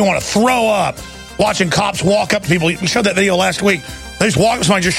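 A man hosting a talk radio show, ranting with impassioned heat in a rough voice into a studio microphone. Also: sits high, quick pace, over music. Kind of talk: heated talk radio monologue.

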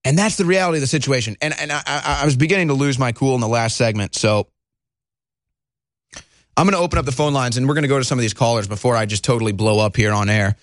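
A man hosting a talk radio show, ranting heatedly and swinging between loud outbursts and calmer stretches. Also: mid-range voice, fast talker, no room sound, clean studio sound. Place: broadcast studio.

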